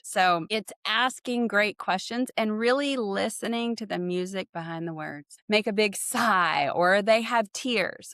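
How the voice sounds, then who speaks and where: A woman's voice: mid-range voice, no echo. Earnest woman telling stories, dry sound. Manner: warm, earnest storyteller who acts out patient exchanges. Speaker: dental consultant, guest. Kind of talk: conversational podcast interview.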